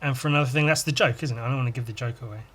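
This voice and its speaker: A man chatting casually through a drawing podcast, talking to himself as he works. His delivery is loose and rambling, full of crude asides and self-mocking jokes, with a middling pitch. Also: fairly even intonation, racing, a bit bright. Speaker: podcast host and illustrator.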